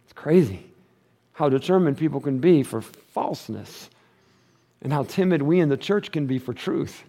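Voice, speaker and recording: A man with a notably high-pitched voice preaches to his congregation, swinging between playful jokes and loud bursts of energy. He often sinks to a quiet, earnest hush to drive a point home. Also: moderate pace. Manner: animated and joking, then dropping to a hushed earnest tone. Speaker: pastor. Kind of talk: sermon.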